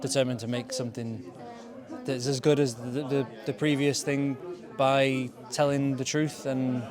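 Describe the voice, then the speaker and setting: A man's voice: mid-range voice, little pitch movement, unhurried. Hesitant male actor over a crowd. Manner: hesitant, searching for words. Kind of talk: press event interview. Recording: crowded press event. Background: crowd chatter.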